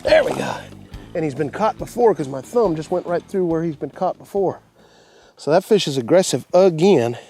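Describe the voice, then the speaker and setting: A man hosting a fishing show, giving excited commentary from a boat on a lake and talking to the fish and the viewers at home. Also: a little high, moderate pace, soft background music. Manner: whoops and laughs, talks to the fish and the folks at home.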